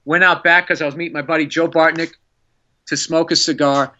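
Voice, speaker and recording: A man, a comedian and podcast guest, telling an animated story in casual chat and acting out the quotes. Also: on the high side, brisk, highs cut off. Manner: animated, excitable storyteller who acts out quotes.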